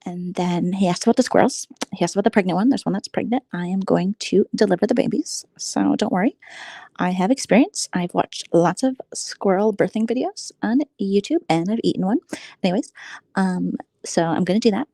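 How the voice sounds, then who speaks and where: Gravelly woman in late-night gossip chat. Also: medium pitch, brisk, dark tone, dry recording. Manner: rambling and gossipy, often dropping to a whisper. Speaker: vlogger host.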